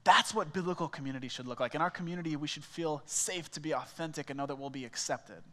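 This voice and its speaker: Young man, pastor preaching, casual storytelling, somewhat high voice, long hall reverb. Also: quick pace, pushed and bright. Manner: conversational storytelling, self-mocking humor. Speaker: small groups pastor. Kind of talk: sermon. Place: church auditorium.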